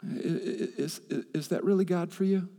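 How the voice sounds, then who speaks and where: A man preaches with fervor, his fairly high voice climbing and dropping to a hush as he repeats and restates his point. The sound rings with the long reverb of a large hall. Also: moderate pace. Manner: impassioned, swings from loud and high to soft, repeats himself. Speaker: pastor. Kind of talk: sermon.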